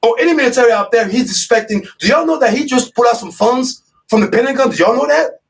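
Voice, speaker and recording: A man's voice: extremely high pitch, fast, recorded from a distance, poor audio. A man hosting a live radio talk show, speaking in an impassioned, repetitive way and calling his listeners y'all.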